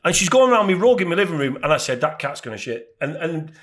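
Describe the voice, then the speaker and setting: A middle-aged man chatting on a podcast, his voice sitting high for a man. He tells stories with big swings up and down in pitch. He plays every character himself. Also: fast talker. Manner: animated storyteller, acts out voices of people and animals. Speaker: podcast co-host. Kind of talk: casual chat.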